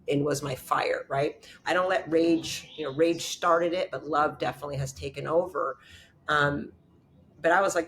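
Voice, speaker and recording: A woman chiropractor telling her story in an interview, blunt and animated, acting out past conversations and swearing freely. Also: fairly low pitch. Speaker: chiropractor and podcast guest.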